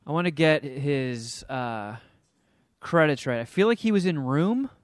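A man co-hosting a casual podcast, telling a film's story with animated energy and now and then hamming up silly voices. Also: on the high side, measured pace, no room sound, studio quality. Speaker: podcast co-host reviewing a film. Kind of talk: casual chat.

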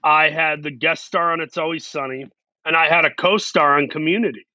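A man's voice: on the high side, steady tone, fairly quick, pushed and bright, no echo, muffled recording. A man, an actor guest, telling long self-deprecating stories in a casual interview. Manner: rambling, self-deprecating anecdotes.

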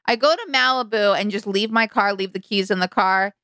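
A woman co-hosting a comedy podcast, dropping dry, deadpan asides. Her voice is bright and crisp. It is recorded close and dry. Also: medium pitch, no room sound. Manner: dry, deadpan, quick quips. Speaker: podcast co-host. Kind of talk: casual comedic chat.

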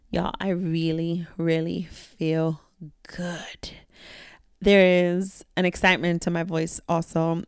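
A woman's voice: on the low side, creaky, no echo, studio quality. A woman hosting her own podcast, talking candidly and reflectively in a casual monologue, with slang and swearing. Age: adult, a mother. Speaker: podcast host; mentor to young women.

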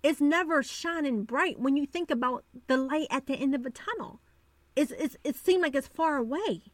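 A woman's voice: sits high, moderate pace, dry recording. A woman hosting a devotional podcast, talking earnestly and repeating phrases for emphasis. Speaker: podcast host.

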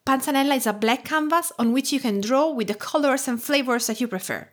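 Italian woman hosting a podcast, expressive. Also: high-pitched, fairly quick. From Tuscany, Italy. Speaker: podcast host and cook. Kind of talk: scripted podcast narration.

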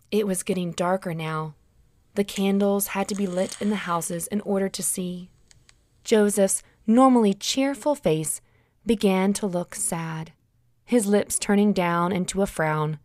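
A woman tells a children's Bible story in a slow, gentle way, pausing to ask her listeners questions. Her voice is still recovering from having been lost. The recording is dry and close. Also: medium pitch, dry recording. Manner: gentle, slow, asks listeners to answer aloud.

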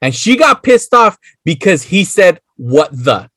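A man's voice: sits high, unhurried, dry recording. A man, chatting casually as podcast co-host, swearing freely and slipping into Spanish. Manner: profane, animated, code-switches into Spanish. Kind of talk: casual chat.

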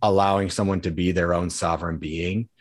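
A man's voice: sits low, fairly even intonation, fairly quick, no echo, clean studio sound. A man, a father of a young child, in casual conversation, talking earnestly and thoughtfully with fillers. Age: adult father of a young daughter.

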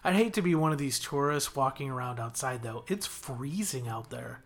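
A man's voice: medium pitch, expressive, moderate pace, a bit bright. A man reading aloud and voicing a kind-hearted young man who drives for animal control, shy and a little awkward. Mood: earnest.

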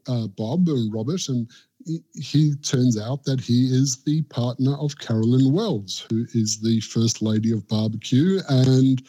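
A middle-aged Australian man tells a long, rambling story in a relaxed interview. His voice is mellow and dark, with an everyday pitch, and he slips into quoted voices as he goes. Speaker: barbecue pitmaster and guest.

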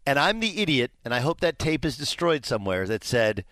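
A man's voice: mid-range voice, big pitch swings, a little fast, few pauses, no echo. A man hosting sports radio, telling a story against himself. His voice sits in an ordinary middle range. The sound is dry and close to the mic, as in a studio. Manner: self-deprecating storyteller, gets loud when worked up. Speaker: radio host. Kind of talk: casual sports radio talk.

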